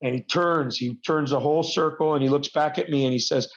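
A wrestler with a slightly high voice talks fairly quickly as a casual interview guest, rambling through stories that make fun of himself. The recording is lo-fi and dull.

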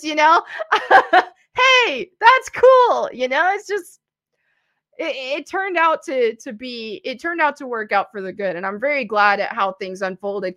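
A woman's voice: on the high side, fairly bright tone, no room sound. A woman in her thirties, a content creator speaking candidly as a guest on a casual interview podcast and laughing often.

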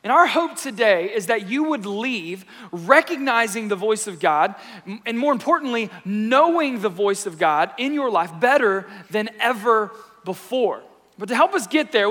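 A man in his thirties preaching a sermon in a lively, playful, conversational way. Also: high voice, normal speed. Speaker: pastor. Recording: echoey church hall.

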